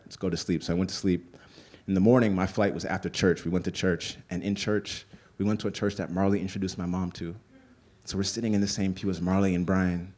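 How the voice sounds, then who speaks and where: A man's voice: sits low, darkish tone. A man telling a personal story on stage in a chatty, filler-heavy way. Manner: conversational, full of "like" fillers. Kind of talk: live comedic storytelling.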